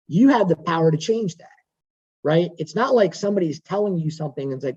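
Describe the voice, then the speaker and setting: Husky man talking on a lo-fi call. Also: high-pitched, animated, quick pace, darkish tone. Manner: conversational, digressive, repeats himself. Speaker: mortgage lender. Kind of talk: workshop talk on a video call.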